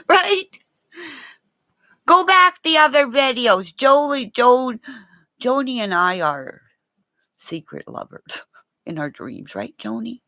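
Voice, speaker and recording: A woman's voice: a little high, very animated, slow, pauses often, bright, forceful tone, no room sound. A woman rambling and swearing in a casual livestream chat with her viewers, laughing often.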